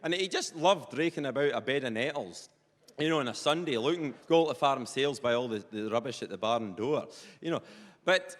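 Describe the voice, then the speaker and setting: A man's voice: medium pitch, lively intonation, fairly quick. A man with a Perthshire Scottish accent doing live stand-up comedy, chatty and rambling with lots of colloquial asides. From Scotland. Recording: live stage with long hall reverb.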